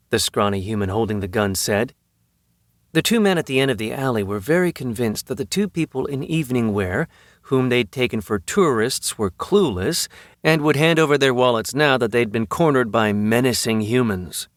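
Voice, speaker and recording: A man reading a fantasy novel as an audiobook narrator, in an even, measured storytelling manner. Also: medium pitch, no echo, studio quality. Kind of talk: scripted narration.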